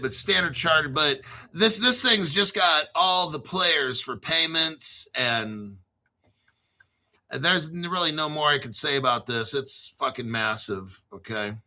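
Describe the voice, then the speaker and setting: A man's voice: on the high side, sharp tone. A man hosting a casual crypto livestream, rambling through long lists of names and swearing freely as he chats with viewers. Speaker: crypto show host.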